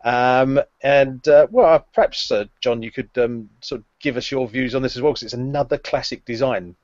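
A man's voice: medium pitch, steady tone, moderate pace, a little mellow, no room sound. A man co-hosting a podcast, leading the casual chat with lots of ums and uhs. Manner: chatty, hesitant with frequent ums and uhs. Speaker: podcast co-host leading the discussion. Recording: dry, dull lo-fi sound.

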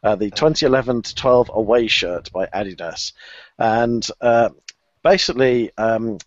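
A man's voice: mid-range voice, moderate pace, dry recording. A man co-hosting a podcast, chatting casually and gushing about a favourite item, rambling with restarts and laughs. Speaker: podcast co-host. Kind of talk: casual chat. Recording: dull lo-fi podcast audio.

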